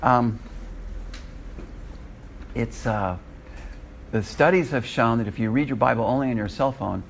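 A man teaching a Bible class, joking with the room and jumping into higher voices when he quotes people. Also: measured pace, gravelly, slight background noise. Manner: animated and joking, rises high when quoting people.

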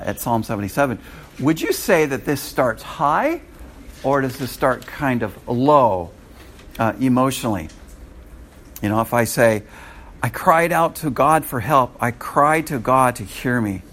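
A man teaching a Bible class, joking with the room and jumping into higher voices when he quotes people. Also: slight background noise. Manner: animated and joking, rises high when quoting people.

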